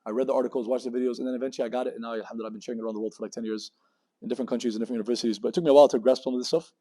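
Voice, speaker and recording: A man in his thirties gives a religious talk to students, with words tumbling out at a very fast clip. His voice has a warm, mellow tone, and he jumps into little acted-out voices for the people in his examples. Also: mid-range voice, fairly even intonation. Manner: talks very fast, acts out voices in his stories. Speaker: Muslim speaker giving a campus talk. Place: university lecture room.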